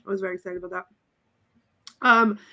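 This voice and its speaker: A woman's voice: mid-range voice, fairly even intonation, fast, pushed and bright. A woman co-hosting a podcast, laughing as she gives a giggly, breathless recap of a film. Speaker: podcast co-host. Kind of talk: casual chat.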